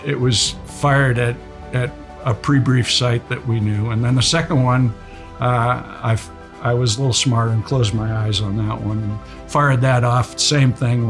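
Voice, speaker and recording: An older man, a retired naval aviator, recounting a combat mission in a relaxed storytelling way with many fillers. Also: medium pitch.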